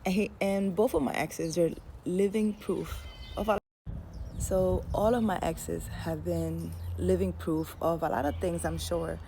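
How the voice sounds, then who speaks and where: A woman's voice: on the low side, fairly even intonation, measured pace, vocal fry, warm tone, slight background noise. A woman casually telling a personal story to camera, chatty and candid, laughing at herself now and then. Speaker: spiritual storyteller.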